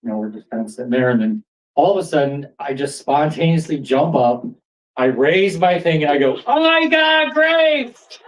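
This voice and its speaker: A man telling a true story at a live storytelling event in a pub, animated and building excitement. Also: mid-range voice, a little fast, distant mic, poor audio. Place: pub stage before an audience.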